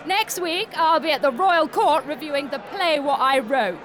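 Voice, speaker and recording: A woman's voice: sits high, moderate pace, a bit bright. A woman playing a gushing, name-dropping theatre critic, reporting from a busy bar. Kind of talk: comic radio report. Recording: busy bar crowd and noise. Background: crowd chatter.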